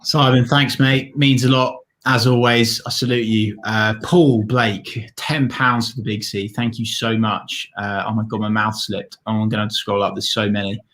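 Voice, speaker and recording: Bright, excitable male co-host. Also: lowish voice, normal speed, few pauses. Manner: excitable, effusive thanks. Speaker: livestream co-host reading donations. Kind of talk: casual livestream chat.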